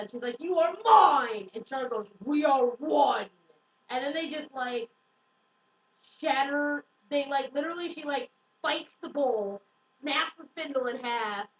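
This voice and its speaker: Young woman, high voice, tons of "like" and swearing, echoey room, far-off mic, dull sound. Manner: swears freely, lots of "like", acts out quotes. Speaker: book reviewer. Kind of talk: casual book recap.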